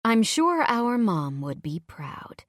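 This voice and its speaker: A woman reading a first-person audiobook in a measured, low-key way. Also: sing-song, dry recording, studio quality. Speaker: audiobook narrator.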